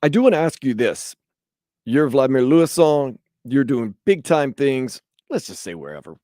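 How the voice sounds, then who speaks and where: A man's voice: mid-range voice, moderate pace, dry recording, studio quality. A man hosting sports talk radio, chatting casually and acting out hypothetical quotes. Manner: animated, acts out quotes in voices.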